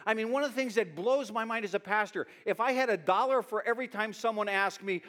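A man preaching a sermon as pastor, animated, often restarting his words, speaking in a church hall. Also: high-pitched, fast talker, hardly any pauses.

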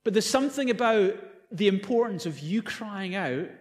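A man's voice: high voice, animated, moderate pace, long reverb tail. A man, a pastor, preaching a sermon in a conversational way with playful asides.

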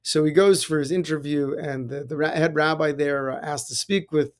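Animated storytelling rabbi, man. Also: fairly high pitch, normal speed. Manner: animated storytelling with frequent restarts and laughs. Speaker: rabbi, podcast host. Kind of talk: casual spiritual talk.

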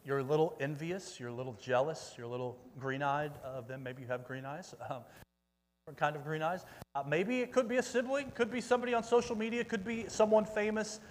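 A man's voice: fairly high pitch, brisk. A man preaching a casual youth sermon as pastor, upbeat and chatty, rallying the audience and calling out for volunteers. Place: church meeting room with an audience. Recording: long reverb of a large hall.

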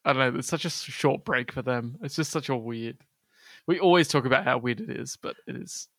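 A man's voice: mid-range voice, brisk, creaky, a bit bright, no room sound, studio quality. A man co-hosting a podcast in casual chat, teasing his partner and thinking aloud as he talks. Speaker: podcast co-host.

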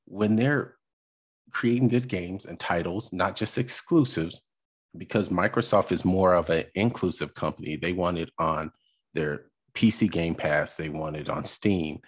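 A man hosting a podcast, reacting to a video in casual commentary, exasperated and halting with fillers. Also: sits low, slightly rough.

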